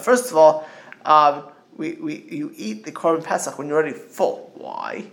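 A man's voice: a little high, animated, moderate pace, gravelly, bright, forceful tone. A middle-aged man giving an informal religious talk as a rabbi, rambling and digressive with frequent restarts and storytelling asides.

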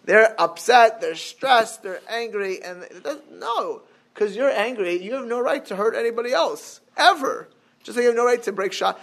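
A man's voice: high-pitched, lively intonation, brisk, gravelly, fairly bright tone. A man giving a religious lecture as a Torah teacher, talking animatedly with many restarts and Hebrew terms, and breaking into sudden exclamations.

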